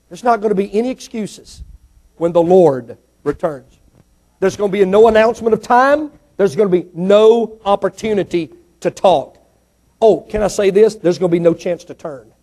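A male preacher delivering a sermon, moving between quiet storytelling asides and loud, emphatic declarations. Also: lively intonation, moderate pace, pauses often. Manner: swings from low asides to loud ringing declarations.

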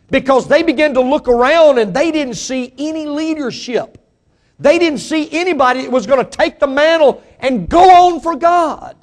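A man preaching a sermon, emphatic and speaking straight to the congregation. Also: extremely high pitch. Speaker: pastor.

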